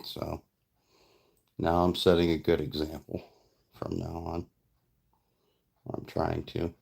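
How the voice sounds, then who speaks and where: A man's voice: deep voice, completely flat delivery, slow, vocal fry, darkish tone, husky. A man and father telling a rambling, profane story in a casual vlog. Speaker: vlogger and father.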